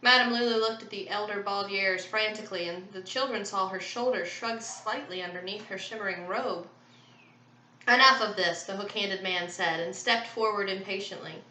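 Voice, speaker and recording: A woman teacher reading a chapter book aloud to her class, switching into lively character voices. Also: medium pitch, normal speed, few pauses, a little hiss or hum. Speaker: fourth grade teacher. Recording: echoey room.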